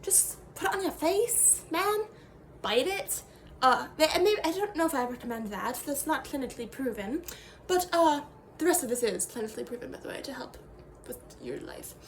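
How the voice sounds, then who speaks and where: A woman's voice: sits high, expressive, normal speed, slight background noise. A woman playing a rambling mock-serious fake professor. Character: self-serious fake female professor teaching meditation. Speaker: comedy creator. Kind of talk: improvised comedy sketch.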